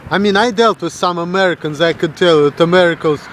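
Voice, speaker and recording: A man's voice: sits high, quick pace, background noise. A young Russian man with a Russian accent, ranting bluntly and crudely on a vlog. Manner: blunt, crude, mocking the voices of others. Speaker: vlogger. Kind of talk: blunt profane rant.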